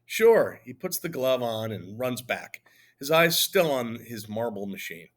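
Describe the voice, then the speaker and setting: A man narrating a children's novel in the first person, easy and conversational. His voice sits in a middling pitch and carries the story along with a lively touch. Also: measured pace. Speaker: audiobook narrator.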